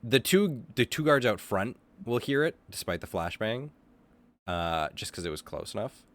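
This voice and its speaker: A man narrating as game master of a tabletop role-playing game, telling the scene with animated delivery. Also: fairly low pitch, moderate pace. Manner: animated narration, shouting lines of characters.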